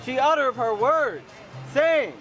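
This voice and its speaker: High-voiced woman reading scripture. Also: measured pace, soft background music. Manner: steady, plain reading of old-fashioned verse. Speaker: scripture reader.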